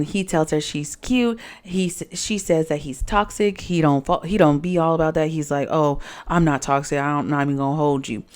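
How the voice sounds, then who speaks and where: A woman's voice: on the low side, a little mellow. Chatty woman doing a sassy reality recap. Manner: chatty, sassy asides, many fillers. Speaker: reality show recap host. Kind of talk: casual show recap.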